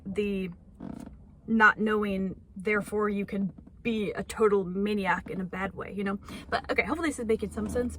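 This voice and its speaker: Sitting in a parked car, a young woman rambles into her phone for a casual vlog, self-conscious and full of fillers. Her voice is mid-range, with a little hiss or hum in the audio.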